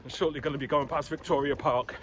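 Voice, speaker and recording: A middle-aged man with a Geordie accent that drifts toward London, talking frankly to a body-worn camera as he runs along streets and a canal towpath. His voice sits a touch high for a man. City traffic and street sounds run clearly beneath his words. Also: steady tone, fast, fairly bright tone, highs cut off. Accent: Geordie mixed with London. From Newcastle, England. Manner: chatty, frank, talking while running. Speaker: running vlogger. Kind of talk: casual running vlog. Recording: clear urban background noise.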